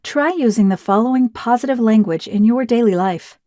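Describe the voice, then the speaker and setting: Lady doing a smooth salesy voiceover, kinda high voice, close and dry, no room sound. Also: moderate pace, no room sound. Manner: smooth, even, persuasive read. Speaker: narrator. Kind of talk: scripted promotional narration.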